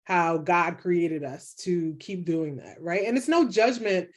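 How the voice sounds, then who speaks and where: A woman historian speaking as an interview guest, earnest and quick to laugh. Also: fairly low pitch, lively intonation. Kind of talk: conversational interview.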